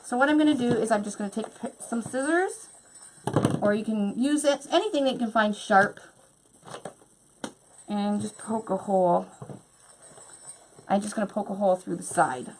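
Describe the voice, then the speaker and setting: A woman's voice: mid-range voice, normal speed, pauses often. Bubbly lady walking thru a craft project, talks the whole time she works, bit of hiss behind. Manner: chatty, bubbly, talks while working. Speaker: craft tutorial host. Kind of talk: hands-on craft demonstration.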